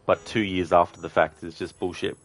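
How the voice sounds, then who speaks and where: A man's voice: deep voice, fairly even intonation, fairly quick, gravelly, fairly bright tone, soft background music. A young Australian man with an Australian accent, casually commentating a game and answering chat, blunt and profane. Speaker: gaming streamer.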